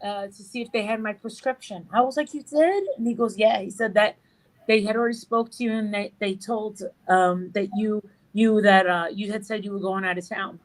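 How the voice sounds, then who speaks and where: A woman's voice: medium pitch, steady tone, moderate pace, poor audio. A middle-aged woman chatting casually as an interview guest, swearing freely and acting out the dialogue in her stories. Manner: swears freely, tells stories with reported speech. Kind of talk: casual chat.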